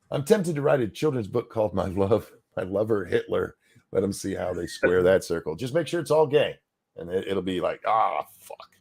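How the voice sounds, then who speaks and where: A man with a gravelly, husky voice rants on a casual podcast, heated and sarcastic, swearing freely. His pitch swings widely as he mocks and fumes, and his speaking pitch sits in a middle range. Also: darkish tone. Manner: profane, sarcastic, heated ranting. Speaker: podcast co-host.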